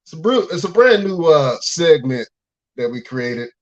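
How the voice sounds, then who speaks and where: A man hosting a wrestling podcast, excitable and hyping up his guests. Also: on the high side, unhurried. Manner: excitable, hypes up the exchange. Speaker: podcast host. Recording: dull lo-fi audio.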